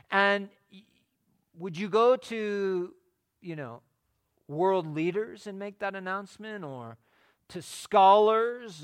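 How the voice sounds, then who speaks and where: A man's voice: high voice, smooth. A man preaching a sermon in a conversational way, asking his listeners rhetorical questions. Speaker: pastor.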